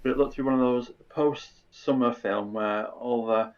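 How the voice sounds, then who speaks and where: A man rambles enthusiastically through his film opinions, dropping "you know" again and again. The sound is slightly dull and lo-fi, and his pitch is ordinary. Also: fairly even intonation, moderate pace. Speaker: podcast guest. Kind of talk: casual film chat.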